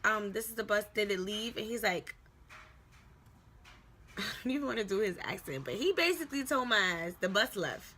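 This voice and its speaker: A young woman with a New York accent telling a storytime vlog, lively and swearing as she acts out what people said. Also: medium pitch, moderate pace, pauses often, noisy background. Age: young adult. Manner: animated, swearing, acting out quoted voices. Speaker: vlogger. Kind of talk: casual storytime.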